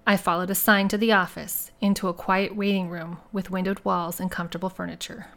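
A woman reading a first-person mystery story aloud in a steady, measured way. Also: on the low side, creaky. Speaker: audiobook narrator. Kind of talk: scripted first-person narration.

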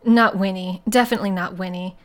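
A woman voicing a male detective posing as a soft-spoken, giggly rich twit in an audiobook. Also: mid-range voice, steady tone, fast talker, lightly acted. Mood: silly. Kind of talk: audiobook character voice.

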